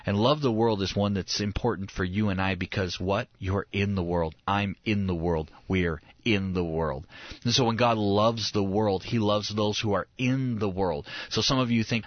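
Emphatic preaching man, low voice. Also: normal speed, no room sound, lo-fi sound. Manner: earnest, emphatic, repeats key words. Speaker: pastor on a radio show. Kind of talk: preaching on a radio talk show.

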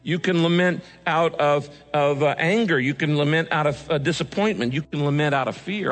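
A male pastor preaching a sermon, swinging from loud pleading prayers to hushed, earnest asides. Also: fairly high pitch, moderate pace, few pauses. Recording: music under the voice, long hall reverb.

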